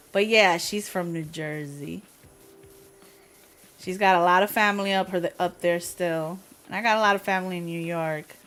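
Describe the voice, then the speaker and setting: A woman's voice: on the low side, a bit bright. Woman, livestreamer, casual chat, talkative, laughs often, slangy.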